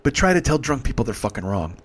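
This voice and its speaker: Profane, intense comedian telling a story. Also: male voice, medium pitch, big pitch swings, fast talker. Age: 40s. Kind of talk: comedic storytelling podcast monologue.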